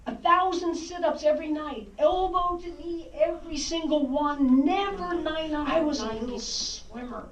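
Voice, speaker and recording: A woman in her sixties, an author, telling stories from her life in a lively, wry, dramatic way. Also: high voice, normal speed, hardly any pauses. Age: 60s. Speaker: author and speaker. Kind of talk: storytelling talk. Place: library hall, indoors. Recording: roomy hall, distant dull mic.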